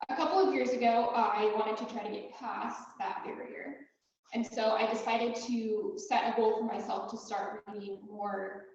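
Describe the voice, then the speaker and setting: Woman, mid-pitch, chatty impromptu speaker, very roomy echo, muffled call audio. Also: darkish tone. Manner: chatty, fond of classic literature, repeats words. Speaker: club member giving impromptu speech. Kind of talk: impromptu speech on video call. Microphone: video call. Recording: very echoey room, dull lo-fi sound.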